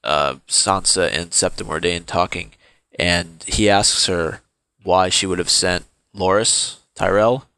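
A man's voice: sits low, steady tone, takes it slowly, sharp tone, clean tone, no room sound. A man co-hosting a casual podcast, reading a passage aloud and giving brief, dry replies. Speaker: podcast co-host. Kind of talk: casual chat.

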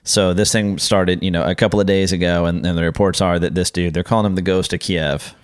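Rambling deep-voiced man chatting casually. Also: steady tone, brisk, clean tone, no echo, studio quality. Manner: rambling, hesitant, many fillers and restarts. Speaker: podcast co-host. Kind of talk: casual chat.

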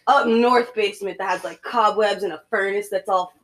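A young woman casually telling a gruesome horror story to friends, animated and full of "like" and "you know". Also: mid-range voice, moderate pace.

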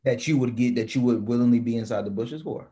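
A man with a northern US accent, co-hosting a casual chat in a teasing, animated way. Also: mid-range voice, quick pace. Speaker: podcast co-host.

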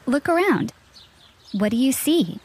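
A woman voicing a teenage girl, a former best friend who speaks softly and calmly in a scripted story. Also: high-pitched, moderate pace. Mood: soothing.

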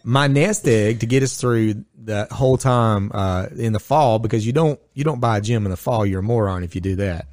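A man's voice: on the low side, normal speed, hardly any pauses, dry recording, clean studio sound. Blunt, profane man telling a story. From Northwest Georgia, US. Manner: blunt and profane, with lively acted-out quotes. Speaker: podcast guest, gym owner. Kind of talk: casual storytelling chat.

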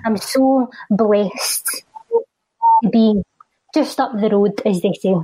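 A woman with a Scottish accent reciting a spoken word poem and chatting as a charity guest, rhythmic in recital and quick in conversation. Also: medium pitch, warm tone, no echo, low-quality recording.

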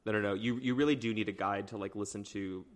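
A man co-hosting a true-crime podcast, chatting casually and reading out call captions slowly. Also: on the low side, steady tone. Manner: laid-back, reads captions aloud slowly. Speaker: podcast co-host.

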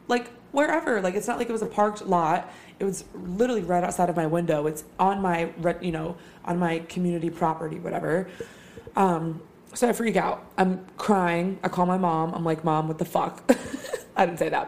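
Chatty young woman, slightly low voice. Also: darkish tone, a little hiss or hum. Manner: chatty, swears freely, lots of "like" fillers. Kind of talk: casual solo talk.

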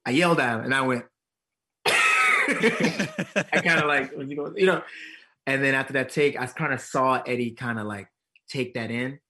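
In this laid-back interview, an actor and comedian speaks in a mid-range voice at a measured pace, leaving long pauses. He's animated as he spins stories, voicing the people he quotes and laughing frequently.

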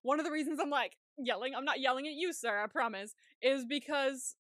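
Young woman podcaster, super animated, laughs and swears lots, bright tone, dry close sound. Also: high voice, a little fast, dry recording. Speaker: podcast co-host. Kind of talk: casual recap chat.

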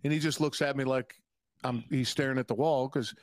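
A young adult man telling profane, animated stories in a casual podcast chat. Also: medium pitch, a little fast, dry recording. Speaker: podcast guest.

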